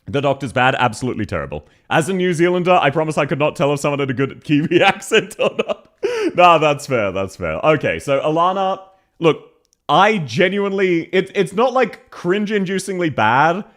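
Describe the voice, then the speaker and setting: A man's voice: on the high side, lively intonation, normal speed, a bit bright. An Australian man giving casual commentary as a streamer, reacting to game voice lines with mocking imitations and frequent laughter.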